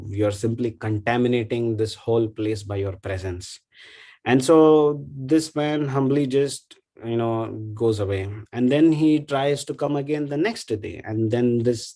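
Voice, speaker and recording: A man giving a devotional class talk in a thoughtful, halting way, with frequent fillers and tag questions. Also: medium pitch, warm tone. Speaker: devotional speaker.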